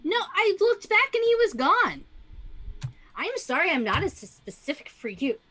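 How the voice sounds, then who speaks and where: A woman's voice: extremely high pitch, sing-song, unhurried, bright, forceful tone, pitched above the performer's own voice, heavily acted. A woman voicing a flustered, rambling female townsperson who witnessed an attack, in a tabletop game. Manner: flustered, repetitive, dramatic.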